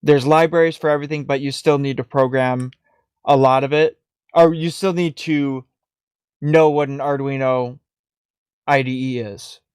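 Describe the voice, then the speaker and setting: A man's voice: medium pitch, steady tone, moderate pace, a little mellow, smooth, dry recording, studio quality. A man co-hosting a casual tech podcast, talking hesitantly with frequent restarts. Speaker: podcast co-host.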